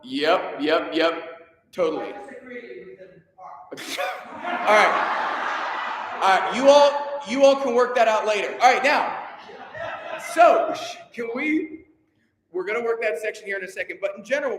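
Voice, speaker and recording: This choir director's voice is high-pitched, animated, and fairly bright, with a measured pace, frequent pauses, and a little hiss or hum. Upbeat and teasing, he coaches singers and counts them in. The large rehearsal room echoes with a long reverb.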